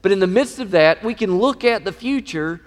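Animated preacher in a reverberant hall. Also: male voice, moderate pace. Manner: animated, emphatic preaching with swelling pitch and volume. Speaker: pastor. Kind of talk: sermon. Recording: long reverb of a large hall.

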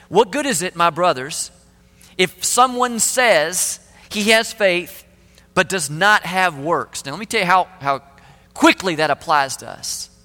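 A high, bright male voice, preaching in an easy conversational way that keeps asking the listeners questions. His words ring out with the long reverb of a large hall. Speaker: pastor. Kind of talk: sermon.

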